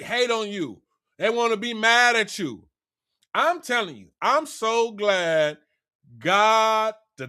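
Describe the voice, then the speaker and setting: A man delivering an animated, profane motivational rant in streetwise slang. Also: extremely high pitch, clean tone. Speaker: vlogger.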